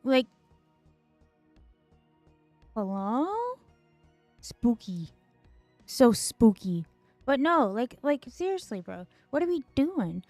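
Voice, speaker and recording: A woman's voice: high voice, sing-song, slow pace, long pauses, a little mellow, no room sound, soft background music. A woman streamer ranting in casual commentary, exasperated and sarcastic, swearing and piling up fillers.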